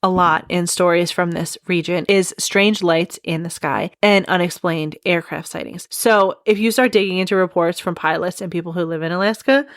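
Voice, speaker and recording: A woman's voice: fairly low pitch, steady tone, moderate pace, few pauses, no echo, clean studio sound. A young woman hosting a podcast, telling a rambling story in a casual chat, laughing often and dropping self-deprecating asides. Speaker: podcast host.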